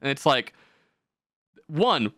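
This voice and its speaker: A man's voice: medium pitch, very animated, takes it slowly, a bit bright, no room sound, clean studio sound. A young man hosting a podcast, talking in a rambling, profane way and slipping into mocking voices. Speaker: podcast host. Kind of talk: casual podcast chat.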